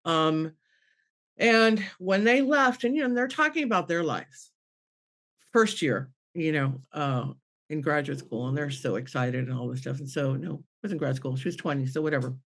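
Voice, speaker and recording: This guest medium, a middle-aged woman, recounts an emotional personal story with earnestness at a moderate pace. When performing dialogue her voice rises, and it drops low and soft in moved moments.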